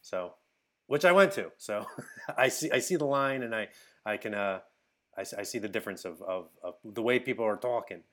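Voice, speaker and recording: A man's voice: lowish voice, animated, moderate pace, fairly bright tone. A man from Philadelphia chatting on a podcast, hesitant with many ums and frequent laughs. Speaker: podcast co-host. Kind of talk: casual chat.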